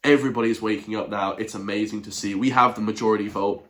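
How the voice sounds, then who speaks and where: A man's voice: fairly low pitch, fast. Scornful man ranting. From Ireland. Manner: animated, scornful, mock gasps. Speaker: political commentary vlogger. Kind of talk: ranting video commentary.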